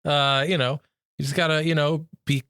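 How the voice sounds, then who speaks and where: A man's voice: fairly high pitch, flat delivery, normal speed, fairly bright tone, clear, resonant tone, no room sound. A man co-hosting a comedy podcast, cracking puns and hedging with fillers. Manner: jokey, punning, hesitant with fillers. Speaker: podcast co-host.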